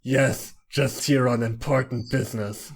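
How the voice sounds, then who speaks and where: A man's voice: mid-range voice, fairly even intonation, measured pace, creaky, husky. A man reading the lines of a blunt, annoyed young anime hero in a casual fanfic reading. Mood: gruff. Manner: curt and irritable.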